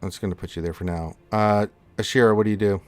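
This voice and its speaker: A man's voice: on the low side, steady tone, quick pace, faint music behind. A man narrating as dungeon master in a tabletop game, casual and laughing now and then. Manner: casual, laughs often, fillers while narrating.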